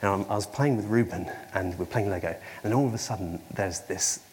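A man's voice: low-pitched, brisk, a little mellow. A man preaching a sermon, hesitant, with frequent ums and restarts and wry self-mocking humour. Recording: long hall reverb, faint background noise.

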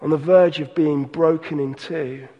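Male pastor, earnest unhurried sermon delivery, bright-ish voice, church reverb. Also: on the high side, steady tone, husky, dull audio. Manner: earnest preaching, slows and softens on key lines.

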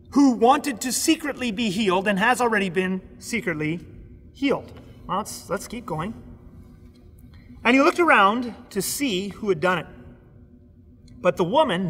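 Animated man preaching, high voice. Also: slightly rough, long reverb tail. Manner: animated, acts out voices of people in the story. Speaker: pastor. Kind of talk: sermon teaching. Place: recorded for an online audience.

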